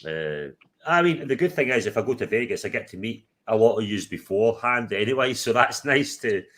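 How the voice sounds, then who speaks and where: A man's voice: fairly low pitch, animated, a little fast, fairly bright tone. A British man hosting a casual livestream, chatting with a guest and reading out viewer comments. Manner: chatty, laughing, reads out chat comments. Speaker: livestream host.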